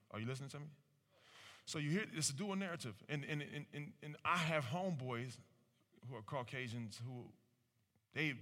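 A man giving a preaching-style talk to a live audience, asking rhetorical questions and calling for responses. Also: mid-range voice. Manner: animated, rhetorical questions, acts out quoted voices. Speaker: speaker at a community talk. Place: large room with an audience. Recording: reverberant hall.

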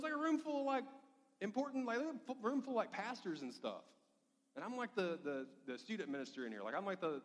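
Animated storytelling man, hall reverb. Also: on the high side. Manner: storytelling, animated, self-deprecating humor. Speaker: pastor. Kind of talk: sermon.

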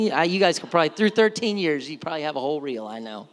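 Male pastor, lively and joking sermon delivery, long hall reverb. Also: on the high side, fast, few pauses. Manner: animated, joking, acts out quoted voices.

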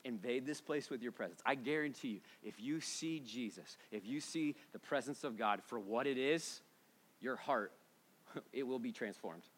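A man preaching a sermon in a church, casual and joking, swinging between loud bursts and hushed moments. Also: mid-range voice, lively intonation, normal speed, husky. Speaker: pastor.

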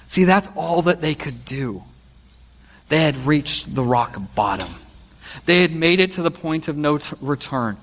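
A man's voice: a little high, measured pace, a bit bright. A male pastor giving a sermon, talking earnestly and walking listeners through a scene. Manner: earnest storytelling preacher. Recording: long hall reverb.

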